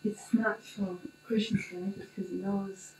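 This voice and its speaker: A woman's voice: mid-range voice, level tone, normal speed, vocal fry, darkish tone. A woman asking a question, hesitant and full of ums and uhs. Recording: far from the mic in an echoey room with faint hum.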